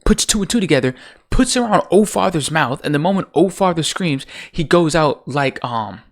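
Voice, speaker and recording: A man's voice: a little high, animated, normal speed. A man ranting casually about a TV show's finale, profane and exasperated, full of rhetorical questions. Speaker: TV show commentator.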